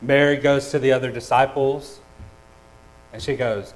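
A man preaching a sermon, earnest and personal, with hesitant restarts and swings between loud and soft. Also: medium pitch, fairly even intonation, normal speed, rough recording. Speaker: pastor.

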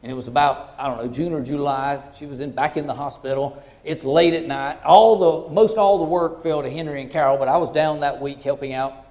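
A middle-aged preacher with a fairly high voice tells a story from the pulpit. He is folksy and heartfelt, and he drops to a hush and then rises to full volume. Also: steady tone, a little fast. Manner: folksy, heartfelt, swings from hushed to loud. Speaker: pastor. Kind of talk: sermon storytelling.

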